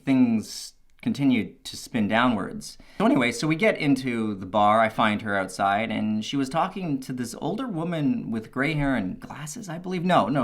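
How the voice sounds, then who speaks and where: Animated man telling a story. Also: mid-range voice. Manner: animated, swearing, laughing asides. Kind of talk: casual storytelling.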